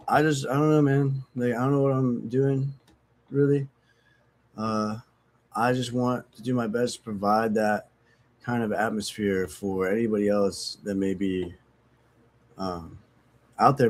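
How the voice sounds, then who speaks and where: A man's voice: on the low side, a little mellow. Frank, rambling man talking about recovery. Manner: rambling, frank and profane, self-mocking. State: sneezing, withdrawal from opiates. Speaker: recovery vlogger. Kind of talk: casual candid talk to camera.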